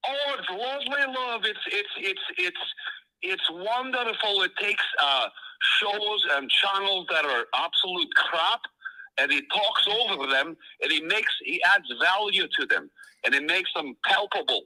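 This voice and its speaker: A man's voice: high-pitched, expressive, unhurried, sharp tone, exaggerated voice. A man doing a sugary Scottish prank caller. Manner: mock-sweet, calls host "love". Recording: tinny phone line.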